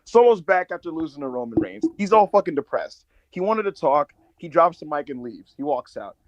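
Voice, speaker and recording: A man co-hosting a podcast, recapping and joking in profane, animated chat. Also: fairly high pitch, fairly quick, no echo, highs cut off. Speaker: podcast co-host. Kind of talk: casual chat.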